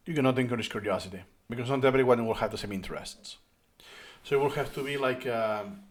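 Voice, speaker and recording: A man speaking as an educator in talking-head commentary, emphatic and animated, often restarting his phrases. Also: mid-range voice. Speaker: educator and tutor.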